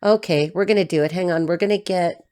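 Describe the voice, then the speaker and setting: A woman reading tarot who chats off the cuff, rambling and swearing freely, laughing often and jumping between low asides and high excited bursts. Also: fast talker. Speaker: tarot reader and life coach. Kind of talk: casual unscripted chat to camera.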